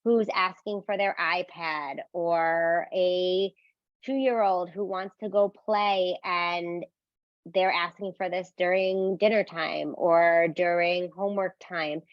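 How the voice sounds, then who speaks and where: A woman explaining parenting skills in an instructional talk, calm and clear, often checking in with a quick "right?". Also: on the low side, dry recording. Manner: explains calmly, asks "right?", acts out sample phrases for parents. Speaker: parenting educator. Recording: dry, slightly dull and lo-fi.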